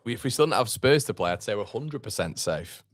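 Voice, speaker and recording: A man's voice: medium pitch, lively intonation, normal speed, vocal fry, dry recording. A man hosting a live football watchalong, chatting casually, reading out viewer comments and reacting to the match. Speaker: fan channel host.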